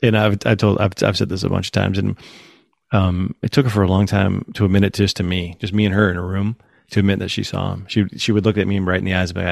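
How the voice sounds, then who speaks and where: A man hosting a casual chat, telling stories in an animated way and acting out quotes. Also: deep voice, fast talker, vocal fry, no room sound, studio quality. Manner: animated storytelling, acts out quotes. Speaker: podcast host.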